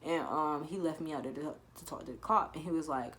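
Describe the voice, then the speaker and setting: Teen girl, low voice, animated casual storytime vlog, echoey room. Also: quick pace, recorded from a distance. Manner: animated, laughing, swearing, acting out quotes. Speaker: vlogger telling a story. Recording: echoey room with faint ambience.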